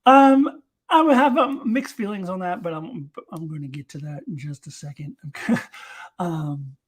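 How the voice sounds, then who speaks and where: A woman's voice: on the low side, measured pace, husky. A woman giving a casual live-streamed review of a TV episode, chatty and enthusiastic, with lots of fillers as she talks.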